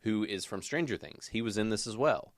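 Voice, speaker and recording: A man's voice: lowish voice, animated, a little fast, no room sound, clean studio sound. A man co-hosting a podcast, chatting casually and enthusiastically about movies, rambling with fillers. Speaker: podcast co-host. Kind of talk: casual movie review chat.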